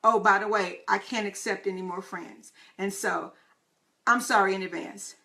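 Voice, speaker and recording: A woman hosting her own live talk show, chatting excitedly with her listeners and calling them y'all. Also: mid-range voice, normal speed, vocal fry.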